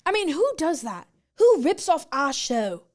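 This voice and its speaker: A woman acting out a smug, mock-patriotic British gentleman with a put-on British English accent. The voice sits a bit high and stays haughty and self-satisfied. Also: very animated, unhurried. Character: smug mock-posh British man named William. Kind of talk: comedy sketch.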